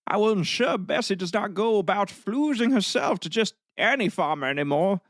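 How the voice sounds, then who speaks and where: A pompous, foul-mouthed old-timey farmer, as a man acts him out, stiffly formal one moment and coarse the next. The voice is pitched well above the speaker's usual and recorded close and dry. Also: expressive, normal speed, no room sound. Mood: blustering. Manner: mock-formal, then vulgar and blustering.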